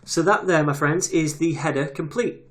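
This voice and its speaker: A man's voice: a little high, normal speed. A man teaching a web development tutorial in a casual, chatty way, reading details aloud as he types. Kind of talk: screen-recorded coding tutorial. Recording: audible keyboard typing noise. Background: keyboard clicks and typing.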